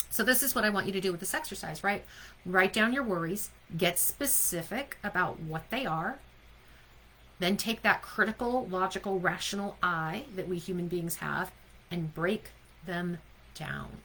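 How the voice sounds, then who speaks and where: A woman's voice: mid-range voice, pushed and bright, low-quality recording. A woman leadership coach giving a live online coaching talk. She speaks emphatically, keeps asking her listeners questions and often checks in with "right?".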